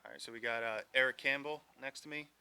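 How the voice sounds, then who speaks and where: A male football coach talking plainly about his team, using short, practical answers. His voice is strikingly bright and sharp. His pitch sits in an ordinary middle range. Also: fast talker, clean tone, no room sound. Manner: matter-of-fact and plain-spoken. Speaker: high school football coach. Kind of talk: casual interview answers.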